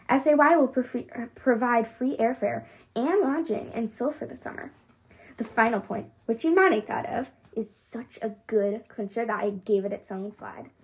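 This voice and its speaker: Woman reading a novel aloud, slightly high. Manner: expressive first-person reading, small slips. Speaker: podcast reader.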